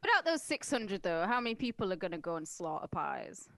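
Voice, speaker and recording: A woman's voice: lowish voice, fairly quick, creaky, no echo. A woman from England, co-hosting a comedy podcast and telling stories in a blunt, profane way. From northern England. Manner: profane, blunt, animated storyteller. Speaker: podcast co-host. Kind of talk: casual comedic chat.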